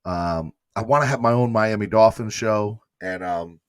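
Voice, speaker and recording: A man's voice: lowish voice, normal speed, smooth, no room sound, clean studio sound. A man hosting a live fan morning show, talking emotionally and rambling as he thanks viewers and reads their comments aloud. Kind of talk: casual live-stream chat.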